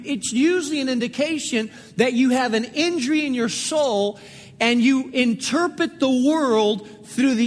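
A man with a high, light voice preaches from the pulpit and repeats his key lines to drive them home. He tells anecdotes between points in a sermon cadence. His voice rings out in a long, reverberant hall. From Spain. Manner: storytelling with emphatic repetition. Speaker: pastor.

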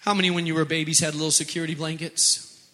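High, bright-voiced man preaching in a hall. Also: level tone, fast. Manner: impassioned preaching, repeating phrases. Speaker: pastor. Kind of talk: sermon. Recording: long echo of a large hall.

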